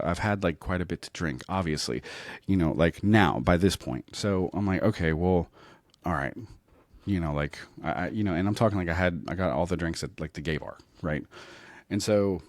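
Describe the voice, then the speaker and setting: A man, a comedian and podcast host, telling a comic story in a casual, animated, self-mocking way, often asking "right?". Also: deep voice, dry recording, clean studio sound.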